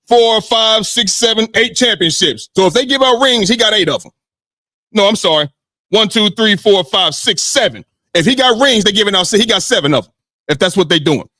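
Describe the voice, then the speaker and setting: Higher-voiced man, loose profane sports talk. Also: no echo, studio quality. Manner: animated, loose and profane, leans on "you know what I mean". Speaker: sports podcast host.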